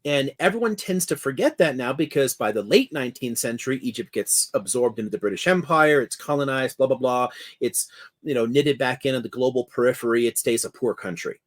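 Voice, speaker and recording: A man's voice: mid-range voice, brisk. Man, history lecturer, thoughtful and discursive, easy laugh, casual chat, video call from a home office. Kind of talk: explanatory lecture in casual conversation. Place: home office with a monitor, indoors.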